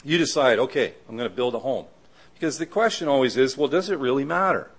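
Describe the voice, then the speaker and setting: A middle-aged man preaching a conversational sermon who keeps asking the audience "right?" and acts out the people he quotes in sudden high voices. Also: animated, quick pace, breathy edge. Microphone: live audio of a church talk.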